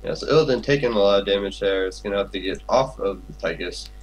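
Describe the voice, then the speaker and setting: Husky low-voiced male esports caster. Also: fast talker, poor audio. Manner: steady play-by-play narration. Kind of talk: live game commentary.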